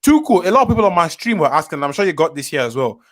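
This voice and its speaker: A man's voice: fairly high pitch, big pitch swings, rapid-fire, fairly bright tone. A young man, chatting as a fan pundit on a live stream, hyped and full of street slang.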